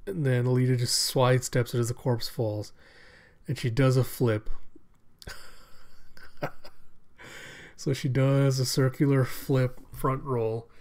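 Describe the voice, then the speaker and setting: A man reads through a comic at an unhurried pace, describing each panel in an amused, casual way. His voice sits at a middle pitch, and he talks like a fan sharing a favorite story. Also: a little mellow. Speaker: comic reader. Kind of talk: casual read-aloud narration.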